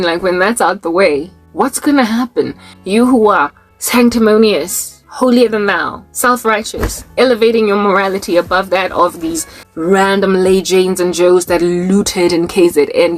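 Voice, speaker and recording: Young woman, South African accent, online preacher, off-the-cuff sermon, frequent laughter, repeats words, soft music behind. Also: mid-range voice. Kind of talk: unscripted prophetic sermon to camera.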